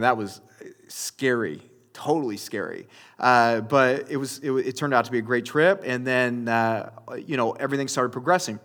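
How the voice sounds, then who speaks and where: A man's voice: medium pitch, fairly bright tone. A man preaching a sermon in a conversational storytelling way, often speaking to his listeners as you guys. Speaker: pastor.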